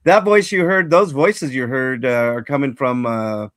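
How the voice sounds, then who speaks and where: A man's voice: mid-range voice, measured pace, a bit bright, no echo, studio quality. A man hosting a casual livestream, rambling and greeting chat viewers by name. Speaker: livestream host.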